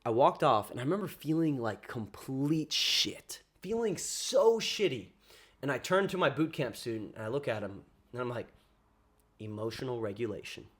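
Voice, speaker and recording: Male dating coach, casual and excitable, swears freely, keeps saying bro. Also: mid-range voice, moderate pace, slightly rough. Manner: excitable, profane, slangy, addresses listeners as bro. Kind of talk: casual motivational monologue.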